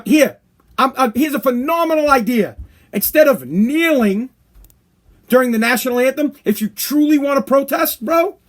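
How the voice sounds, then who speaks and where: Podcast host, man, high voice, heated profane rant, hammers points home by repeating them. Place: hot room downstairs.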